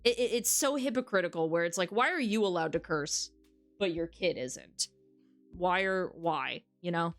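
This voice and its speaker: A woman's voice: on the low side, animated, moderate pace, soft background music. A woman streaming a dating game, reading its text aloud and chatting casually with viewers, frank and swearing freely.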